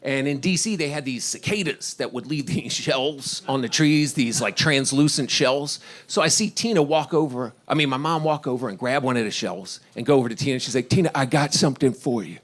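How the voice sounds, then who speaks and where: Brisk and expressive, barely pausing, a middle-aged Washington, D.C. comedian delivers his stand-up set in a medium-pitched, fairly bright voice. He rambles through his stories and laughs at his own lines.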